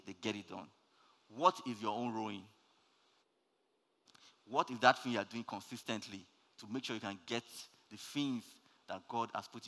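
A man preaching a sermon with energy, swinging from loud, rising calls down to soft, low words. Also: in a large hall.

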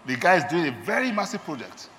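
A man's voice: high voice, sing-song, quick pace, bright, forceful tone, a little hiss or hum. A man with a Nigerian accent preaching a sermon, emphatic and repeating his key phrases. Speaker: lay preacher and doctor. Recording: long hall reverb, faint ambience.

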